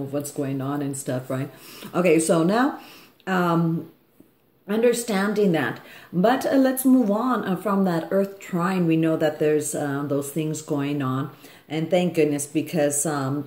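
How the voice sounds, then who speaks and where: Low-voiced woman with a mellow tone. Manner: rambling, often checks in with "okay?". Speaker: astrologer and life coach. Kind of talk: casual spoken astrology forecast. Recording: echoey room.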